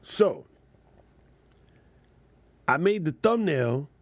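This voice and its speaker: A man's voice: a little high, big pitch swings, drawn-out words, no room sound. A man hosting a casual livestream chat as a content creator, laid-back and slangy, laughing often.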